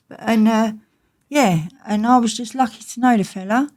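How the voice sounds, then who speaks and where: A woman's voice: fairly high pitch, a little fast, a little mellow. A woman with an Essex accent, an interview guest telling stories bluntly and swearing freely. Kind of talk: candid casual storytelling.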